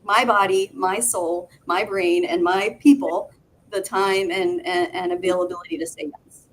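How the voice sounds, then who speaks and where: A woman guest in a casual podcast chat, talking excitedly and emphatically, rushing ahead when thrilled. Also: fairly low pitch, slight background noise, rough recording. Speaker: guest business owner.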